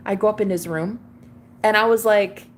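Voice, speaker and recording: A woman's voice: mid-range voice, fairly even intonation, moderate pace, a little hiss or hum. A young woman talking to camera in a casual, confessional way, gushing and chatty, calling her listener girl and babe. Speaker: tarot reader and vlogger.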